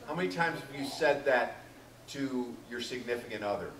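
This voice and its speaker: A man's voice: mid-range voice, sing-song, normal speed, a bit bright, a little hiss or hum. A man teaching a class, asking students questions by name and acting out quoted lines. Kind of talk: classroom lecture. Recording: echoey classroom from far off.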